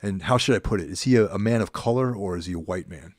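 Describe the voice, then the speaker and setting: A man's voice: low voice, quick pace, dry recording, studio quality. A man hosting a podcast, asking casual, easygoing questions. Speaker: podcast host. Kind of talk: casual interview.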